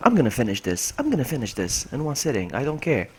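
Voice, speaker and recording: A man streaming a game with live commentary, excitable, swinging from quiet mutters to loud yelps. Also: medium pitch, quick pace, breathy edge.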